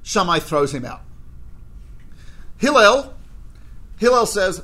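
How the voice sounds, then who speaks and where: Animated high-voiced man telling stories. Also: normal speed. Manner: animated, jokey, acts out quoted exchanges. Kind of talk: humorous storytelling lecture.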